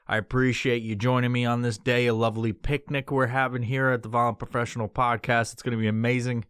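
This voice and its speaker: A man's voice: medium pitch, flat delivery, fast talker, fairly bright tone, clean tone, no room sound. Man from New York, solo podcast host, exaggerated tough-guy delivery, constant swearing, close dry studio sound.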